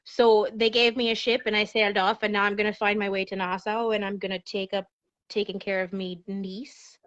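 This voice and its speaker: A woman guest in casual chat, animated, swinging between high and low and laughing often. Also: a little fast, highs cut off. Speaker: podcast guest.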